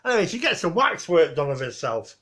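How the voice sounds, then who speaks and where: A man's voice: fairly high pitch, very animated, a little fast, a bit bright. A man talking casually in a rambling vlog tribute, swearing mildly as he recounts things. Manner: rambling, mild swearing, restarts and fillers. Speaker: vlogger.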